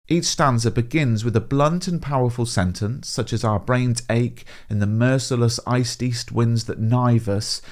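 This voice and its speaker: A man teaching English as he explains poems in a scripted revision lesson, with clear, measured delivery and stress on key words. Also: mid-range voice, a little mellow.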